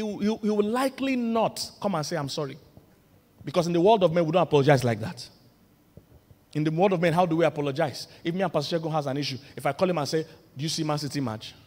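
High-voiced pastor preaching in a hall. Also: male voice. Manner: lively, humorous, builds to loud emphatic points. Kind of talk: sermon on marriage. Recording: long reverb of a large hall.

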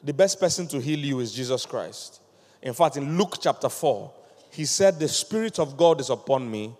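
A man preaching a lively sermon, acting out little scenes and laughing with his listeners. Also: medium pitch, moderate pace, in a large hall. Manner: animated, acts out voices, laughs with the congregation.

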